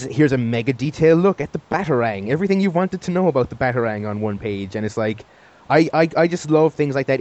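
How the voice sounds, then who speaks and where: A man's voice: medium pitch, darkish tone, muffled recording. A man hosting an interview, enthusiastic and stumbling over his restarts as he asks questions. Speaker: interviewer, radio host. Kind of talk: casual interview chat.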